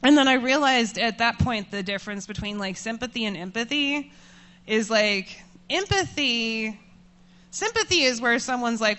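A woman in her thirties telling a personal story to an audience, candid and self-mocking, laughing often and getting animated as she tells it. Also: on the high side, normal speed. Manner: animated, voices rising when furious.

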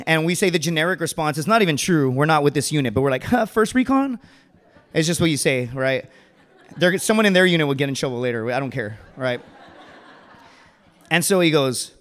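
A former Marine telling a casual, animated story at a live storytelling show, acting out the people in it. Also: male voice, on the high side, in a large hall. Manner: animated, casual, acts out voices.

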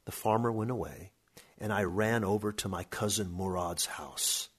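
Man narrating a story, husky, fairly low voice, measured. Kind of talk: storybook reading.

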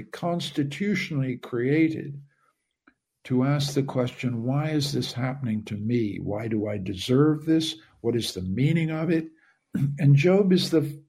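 Slow, husky-voiced male author. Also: mid-range voice, warm tone. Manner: thoughtful, measured, dramatizes quoted questions. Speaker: author guest. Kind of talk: reflective interview answers.

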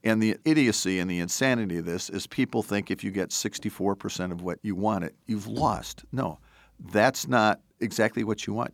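An older American man, a podcast host and former congressman, talking politics in an animated, emphatic way. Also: deep voice, vocal fry, no room sound. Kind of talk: political interview talk.

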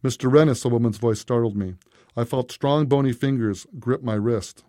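A man narrating a first-person story in a steady, unhurried way. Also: mid-range voice, no echo, studio quality.

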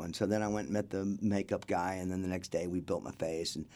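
A man's voice: sits low, quick pace, few pauses, a little mellow. A middle-aged man telling stories in a casual interview as a guest, acting out the voices of the people he quotes. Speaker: interview guest, film crew grip.

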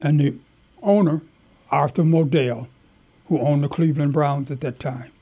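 An older man tells stories from his past with animated emphasis. His voice is gravelly and husky, with a mellow, darkish tone sitting a touch high for a man. He speaks as a guest in a relaxed interview. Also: normal speed. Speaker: guest, community elder. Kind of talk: storytelling in conversation.

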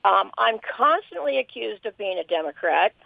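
A woman's voice: mid-range voice, sing-song, moderate pace, gravelly, no echo. An older woman calling in to a radio talk show, emotional and pleading as she speaks. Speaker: caller. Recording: phone line, lo-fi.

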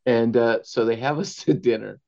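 A man, an author, telling animated anecdotes in an interview, laughing often and slipping into Spanish phrases. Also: medium pitch, normal speed, gravelly, muffled recording. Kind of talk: storytelling in a conversational interview.

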